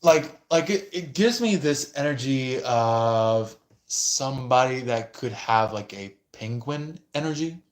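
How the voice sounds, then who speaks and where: A man's voice: medium pitch, expressive, unhurried. A man giving a casual astrology reading and responding to viewer comments, talking hesitantly with many fillers. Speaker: astrology and tarot reader.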